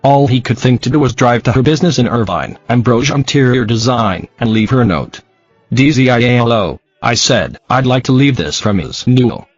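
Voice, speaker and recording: A man reading a true-crime podcast transcript aloud, speaker names and spelled-out letters included, in a flat, even delivery. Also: mid-range voice, a little fast, husky, no room sound, highs cut off, soft background music.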